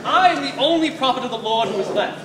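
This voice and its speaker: A performer in a comic church stage reenactment, playing a prophet with playful, jokey delivery and loud taunts. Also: male voice, very high-pitched, animated, fast, a crowd in the background. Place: large church hall with audience. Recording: echoey hall, far from mic, noisy.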